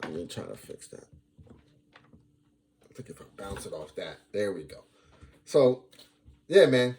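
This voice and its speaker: A man's voice: on the low side, measured pace. A young man hosting a casual sports fan vlog, talking playfully and repeating lines for emphasis. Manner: animated, playful trash talk.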